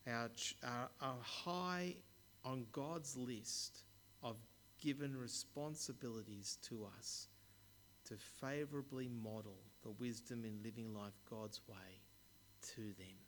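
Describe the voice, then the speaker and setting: A man preaching a sermon, telling stories in a measured way with occasional stumbles. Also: medium pitch, a bit bright, slight background noise. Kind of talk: sermon with storytelling.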